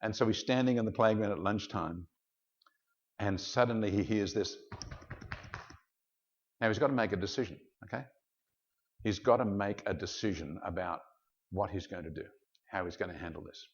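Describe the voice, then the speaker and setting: A man preaching a teaching sermon as a pastor, telling a story in an animated way. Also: lowish voice, moderate pace, pauses often. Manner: animated storyteller, shifts into character voices. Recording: dull lo-fi sound.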